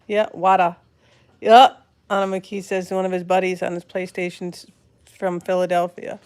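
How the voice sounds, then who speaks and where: A woman's voice: on the low side, flat delivery, moderate pace, a little mellow, smooth. A woman hosting a casual livestream, reading out viewer comments and repeating words back in a playful, questioning way. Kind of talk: casual live-stream chat.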